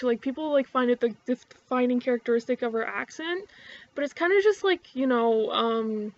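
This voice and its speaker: A woman's voice: a little high, moderate pace, muffled recording. Rambling Canadian woman with a swearing habit. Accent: Ottawa-area Canadian. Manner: rambling, swears often, many fillers and restarts. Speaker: vlogger. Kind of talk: casual chat to camera.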